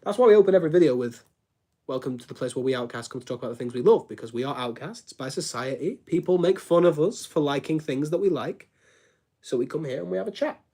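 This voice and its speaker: A man's voice: fairly high pitch, expressive, fast, dark tone. A man chatting casually on a live stream, answering viewers, joking and laughing often and filling his sentences with "like". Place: home studio room.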